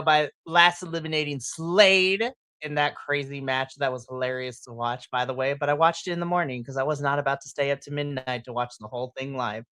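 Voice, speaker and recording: A man co-hosting a wrestling podcast, chatting casually and excitably, swearing and acting out his reactions. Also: a little high, no room sound. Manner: excitable, swears, animated retellings with shrieks and laughs. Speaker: podcast co-host. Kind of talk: casual wrestling recap chat.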